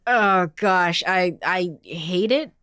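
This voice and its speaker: A woman's voice: on the low side, drawn-out words, a bit bright, smooth, dry recording, clean studio sound. Giggly woman streamer reacting to a game. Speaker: let's play streamer. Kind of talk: casual gaming commentary.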